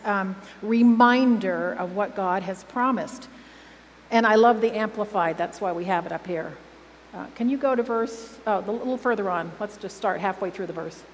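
Woman preacher, emphatic sermon delivery, echoing church hall recording. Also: on the high side. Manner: earnest, emphatic, asks the congregation questions. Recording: church hall recording with reverb and faint hum.

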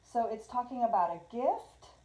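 A woman's voice: a little high, animated, moderate pace, dark tone, low-quality recording. A woman casually chatting through a live tarot reading, mixing English with Spanish phrases. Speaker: tarot reader. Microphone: small clip-on mic.

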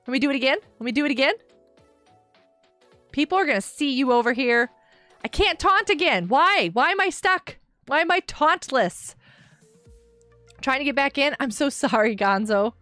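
A woman's voice: high-pitched, lively intonation, normal speed, pauses often, pushed and bright, no room sound, faint music behind. A woman live-streaming a game, chatting and giggling often while answering her chat.

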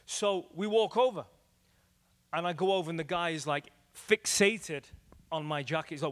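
Irish male evangelist, higher-set voice, lively repetitive preaching, reverberant church hall. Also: normal speed. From Ireland. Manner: animated, repetitive preaching with big swings in loudness. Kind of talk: evangelistic teaching talk with storytelling.

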